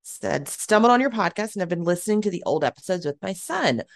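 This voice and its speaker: A woman in her thirties co-hosting a casual podcast. She sounds chatty and animated and often says "like." The recording is dry and close, with no room sound. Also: on the low side, fast, gravelly, dry recording. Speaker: podcast co-host.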